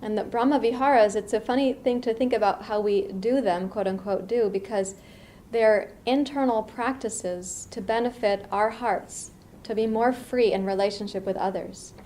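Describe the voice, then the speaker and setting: Unhurried middle-aged woman meditation teacher. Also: a little high, slight background noise. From US East Coast. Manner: reflective, unhurried, with lively asides. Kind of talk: dharma talk.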